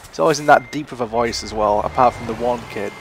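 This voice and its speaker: A man's voice: medium pitch, fast, slight background noise. A young British man, chatting casually and rambling through his gameplay commentary. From Britain. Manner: rambling, chatty, self-mocking. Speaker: gaming YouTuber.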